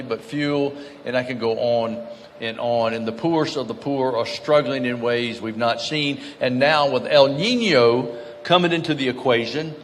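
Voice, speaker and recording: Earnest man speaking in a reverberant hall. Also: medium pitch. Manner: earnest storytelling, drops to soft grave tones. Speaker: guest speaker. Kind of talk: emotional conference speech. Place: conference hall. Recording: reverberant hall, faint background noise.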